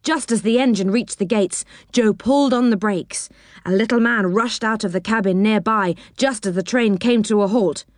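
A woman reading a children's story aloud in an expressive storytelling manner. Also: medium pitch, moderate pace, no echo, studio quality.

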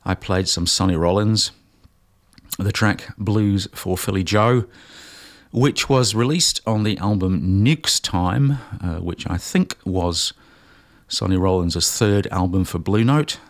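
A man hosting a jazz radio show, talking casually and unhurriedly between tracks with plenty of pauses and fillers. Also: low voice.

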